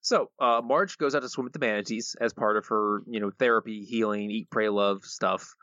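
A man's voice: on the low side, moderate pace, sharp tone, dry recording, dull audio. A man co-hosting a podcast, recapping an episode casually with dry sarcasm. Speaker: podcast co-host. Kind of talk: casual episode review chat.

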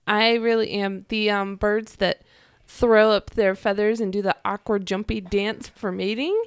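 A woman's voice: medium pitch, steady tone, a little slow, clear, resonant tone, no room sound, clean studio sound. A woman co-hosting a chatty podcast, playful and giggly. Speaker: podcast co-host. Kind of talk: casual chat.

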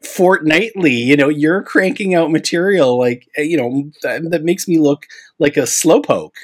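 Chatty husky-voiced male podcast host. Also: a little high, unhurried. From Canada. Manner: chatty, self-mocking, animated. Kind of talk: casual podcast chat and intro.

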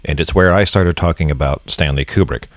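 Low-voiced man narrating a podcast. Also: brisk, no echo. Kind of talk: scripted narration and outro.

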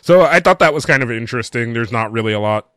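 A man's voice: medium pitch, lively intonation, quick pace, a bit bright, clear, resonant tone, dry recording, studio quality. A man hosting a casual podcast, reading news stories with frequent ums and uhs. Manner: reads news with many fillers. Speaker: podcast host.

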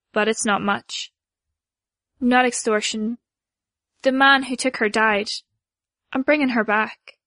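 A woman with a somewhat high voice reads a first-person story aloud in a measured, steady way, giving the dialogue only light voicing. The recording is dry and close, with no room sound. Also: no echo. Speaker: audiobook narrator.

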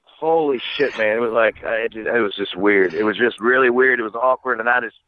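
A man's voice: lowish voice, level tone, fast talker, slight background noise. A man guesting on an interview, telling backstage stories in a candid, casual way, with plenty of fillers and swearing. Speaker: wrestling referee guest. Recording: tinny phone-line sound.

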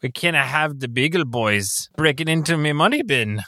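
A man's voice: a little high, animated, normal speed, pushed and bright, dry recording, clean studio sound, voice pushed up. A man voicing a stingy old Scottish male duck tycoon in a hammy put-on Scottish accent. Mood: gruff. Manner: hammy, self-admittedly weak impression.

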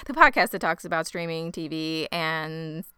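A woman co-hosting a podcast in casual chat, chatty and teasing, quick to laugh. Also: deep voice, animated, sharp tone, clear, resonant tone, no echo, studio quality. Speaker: podcast co-host.

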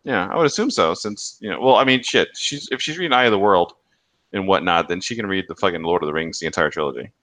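Male co-host, lowish voice, bright and animated, rambling storyteller, dry mic. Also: quick pace, no echo. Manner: rambling, laughs often, swears. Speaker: podcast co-host. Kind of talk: casual chat.

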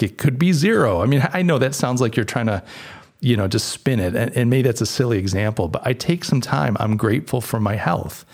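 Middle-aged guy podcasting solo, chatty and reflective, lots of "you know" and restarts, mid-pitched voice. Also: gravelly, darkish tone. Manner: conversational, reflective, many fillers and restarts. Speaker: podcast host. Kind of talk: casual monologue.

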